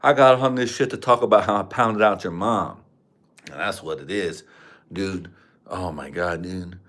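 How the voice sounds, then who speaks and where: A man's voice: sits low, normal speed, a bit bright. Crude rambling man on a home livestream. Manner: crude, rambling, trash-talking. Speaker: livestream host. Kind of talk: crude casual livestream chat. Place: room at home. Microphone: desk microphone.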